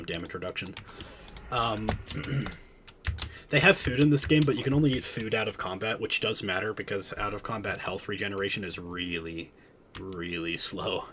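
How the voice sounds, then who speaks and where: A man's voice: low-pitched, noisy background. A man streaming a game, chatting casually and explaining the mechanics as he plays. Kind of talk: casual gameplay commentary.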